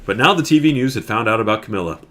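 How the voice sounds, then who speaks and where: A man reading a children's picture book aloud on a stream, animated, with joking asides. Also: fairly low pitch, racing.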